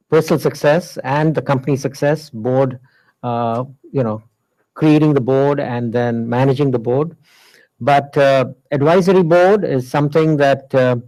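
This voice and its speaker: Man, classroom lecture, casual, many fillers, medium pitch. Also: darkish tone, rough recording. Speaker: instructor.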